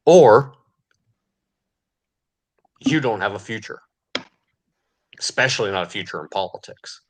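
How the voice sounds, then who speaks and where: A man's voice: fairly low pitch, lively intonation, unhurried, slight background noise. A man delivering an angry, profane podcast rant, sneering and furious. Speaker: podcast host.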